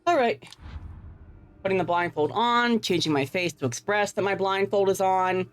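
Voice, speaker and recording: A woman streamer talks through a game live, playful and profane, tacking a cat-like "meow" onto nearly every sentence. Her voice sits at an ordinary, middling pitch. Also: moderate pace. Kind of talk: live gameplay commentary.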